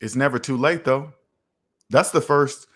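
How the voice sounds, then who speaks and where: A man hosts a finance livestream in a mid-pitched voice. He preaches in an emphatic way and hammers his points home by saying them again. He speaks casually while he reads and answers viewer comments. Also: measured pace, fairly bright tone. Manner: preachy, emphatic, repeats himself for effect. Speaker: finance channel host. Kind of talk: livestream commentary reading chat.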